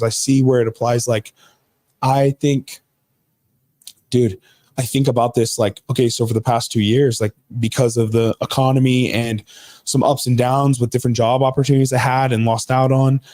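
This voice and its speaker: A man's voice: medium pitch, mellow, dry recording. A man in his thirties, a podcast guest, telling a personal story in an earnest, casual way, often restarting his sentences. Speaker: podcast guest, jiu-jitsu coach.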